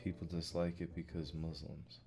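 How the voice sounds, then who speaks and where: A man's voice: very deep voice, little pitch movement, normal speed, gravelly, mellow, soft background music. A man streaming live, reacting to videos in loose, profane, laughing chat.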